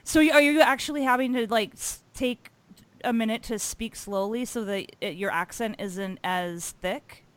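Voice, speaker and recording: A woman's voice: on the high side, normal speed, smooth, no room sound. A woman hosting a podcast, chatting casually with many fillers. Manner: chatty, filler-heavy, laughs easily. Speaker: podcast host. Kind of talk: casual chat.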